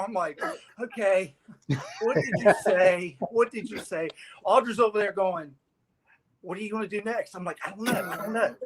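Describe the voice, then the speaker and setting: A man, a guest on a talk show, telling an animated story and acting out the people in it. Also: high-pitched, normal speed, background noise. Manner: lively, laughing, acts out the people in his story. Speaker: guest sponsor representative.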